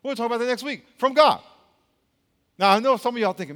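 A man's voice: very high voice, lively intonation, fast talker, a bit bright, long reverb tail. A man preaching a sermon as pastor, speaking emphatically and quizzing the congregation with questions.

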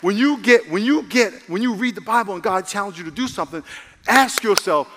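Animated preacher in a reverberant hall. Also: male voice, high-pitched, a little fast. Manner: animated, rising to excited shouts; calls for amens from the congregation. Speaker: pastor. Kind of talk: sermon.

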